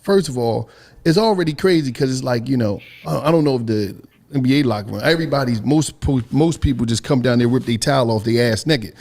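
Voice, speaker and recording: A young man telling a comedic story in casual chat, animated and acting out his own past voice. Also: medium pitch, brisk. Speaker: storyteller on a podcast panel.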